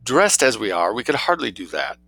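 A man takes on a flustered, exasperated older lady, reluctant and impatient. His voice is gravelly and bright, with a low pitch and lively inflection, in a dry close recording. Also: a little fast, no room sound, exaggerated voice, low-quality recording.

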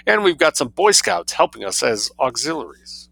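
A man voicing a suave, mischievous young man who spins outrageous tales with cool calm. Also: a little high, normal speed, gravelly, dry recording, faint music behind, voice pushed up, exaggerated voice. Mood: sly, unruffled.

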